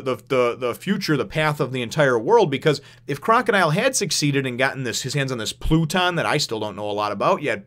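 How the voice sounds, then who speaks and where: A man talking through a review in a loose, casual way, full of fillers, restarts and half-finished thoughts. His voice sits at an ordinary middle pitch. He chuckles now and then as he retells scenes. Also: a bit bright. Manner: rambling, many fillers and restarts; laughs while retelling funny scenes. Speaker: manga chapter reviewer.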